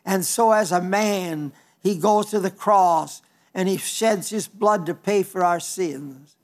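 Brief: older male preacher, light high voice, homespun sermon delivery, frequent stumbles and restarts. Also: slow. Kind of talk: folksy sermon.

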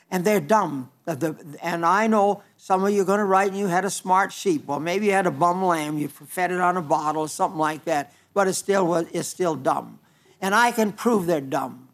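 An older man preaching a folksy sermon, telling homespun stories and often stumbling and restarting his words. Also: sits high.

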